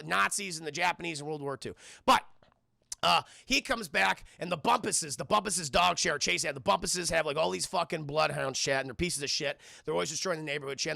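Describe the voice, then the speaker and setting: A man's voice: a little high, gravelly, dry recording, studio quality. A man casually recapping a film for his live-stream chat, swearing freely and addressing the chat over and over. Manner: profane, animated, keeps addressing his chat.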